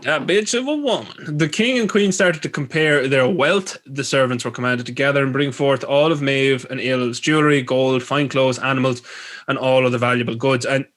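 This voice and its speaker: A man's voice: mid-range voice, fairly even intonation, brisk, fairly bright tone. A man with an Irish accent hosting a podcast, retelling folklore with rambling, crude jokey asides. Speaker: podcast host. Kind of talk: comedic storytelling chat.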